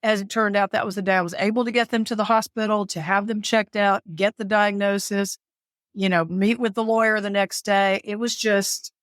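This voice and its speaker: A woman from the southern United States, a caregiver and author, telling a story as an interview guest in an animated, dramatic way, quoting herself with sudden high voices. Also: normal speed, no echo, clean studio sound.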